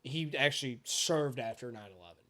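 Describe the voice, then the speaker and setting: A young man in his twenties, co-hosting a podcast and telling a long, profane story in casual, animated chat. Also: mid-range voice, fairly quick. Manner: animated, swearing, bursts into loud impressions. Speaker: podcast co-host.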